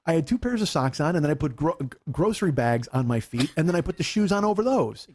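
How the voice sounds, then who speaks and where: A man from Chicago hosting a comedy podcast, telling stories in an animated way, acting out voices, swearing freely and laughing often. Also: on the high side, fast talker, slight background noise. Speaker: podcast host. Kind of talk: casual comedic chat.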